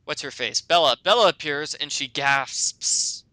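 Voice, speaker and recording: Man, game master, tabletop game narration, crisp clear voice, dry sound, lots of ums. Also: fairly high pitch, a little slow, pushed and bright, dry recording, rough recording. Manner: rambling, with many ums and self-corrections.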